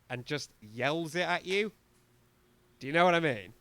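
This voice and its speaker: A man's voice: fairly high pitch, lively intonation, unhurried, bright, forceful tone. A man co-hosting a music podcast, chatting casually and sarcastically about an album, mocking lyrics in exaggerated voices. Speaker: podcast co-host. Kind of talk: casual album review chat.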